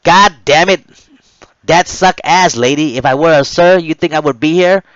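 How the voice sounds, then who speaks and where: A man playing a harsh male navy drill instructor who yells and curses at recruits. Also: on the high side, moderate pace, no echo, muffled recording, pitched above the performer's own voice, lightly acted. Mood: angry scolding. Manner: yelling, cursing, barking orders.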